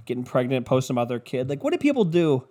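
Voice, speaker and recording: A male podcast host rants on his own in a loose, comedic way, swearing often. His pitch sits in an ordinary middle range, and his delivery is casual and offhand. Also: sing-song, quick pace, dark tone. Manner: profane, loose and ranting.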